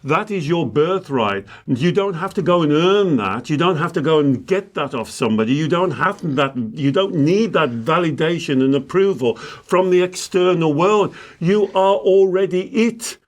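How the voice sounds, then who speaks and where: Male coach, emphatic teacher, slightly high pitch. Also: animated, moderate pace, few pauses. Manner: emphatic, acts out client dialogues. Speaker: spiritual coach. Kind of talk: teaching conversation.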